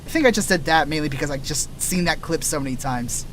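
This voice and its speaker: A male streamer talks while playing a game, rambling casually, trailing off and restarting often. His voice is a little high, expressive, quick and a bit bright, with a dry, scratchy throat as he explains voice-acting tricks like a laid-back teacher.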